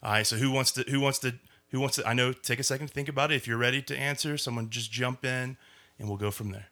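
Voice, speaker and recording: A man's voice: mid-range voice, steady tone, fast talker, pushed and bright. A man hosting a casual group podcast, hesitant, with many ums and restarts. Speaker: podcast host.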